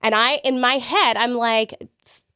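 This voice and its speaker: A woman's voice: a little high, steady tone, measured pace, bright, forceful tone, smooth, dry recording, clean studio sound. A woman in her thirties, a podcast guest, telling her story step by step and acting out what people said. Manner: vivid step-by-step recounting, acting out quotes. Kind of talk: interview storytelling.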